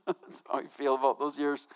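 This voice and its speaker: Man, middle-aged, pastor, lively sermon, playful quoted asides, soft low storytelling. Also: measured pace, clear, resonant tone. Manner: lively, acts out quotes with laughs.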